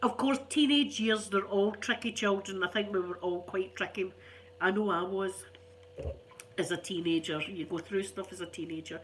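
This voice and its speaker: A woman's voice: mid-range voice, moderate pace, a little hiss or hum. An older Scottish woman chatting casually to viewers, rambling and laughing often, sounding stuffy and unwell. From Scotland. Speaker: ASMR channel host.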